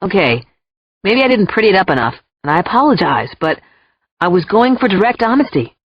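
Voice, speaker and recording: A woman's voice: mid-range voice, very animated, brisk, husky, no room sound. A woman reading the part of a curt, defensive man who works as an actor, in a cold, clipped tone. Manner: terse, defensive, then icy. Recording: dull lo-fi dry recording.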